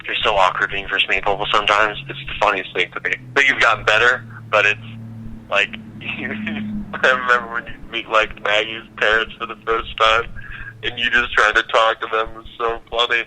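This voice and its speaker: A young man from Nebraska chatting casually on a podcast, telling animated stories and cussing freely. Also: fairly low pitch, normal speed, a little hiss or hum, rough recording. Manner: animated storytelling, acts out quotes, swears freely. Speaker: podcast co-host. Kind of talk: casual chat.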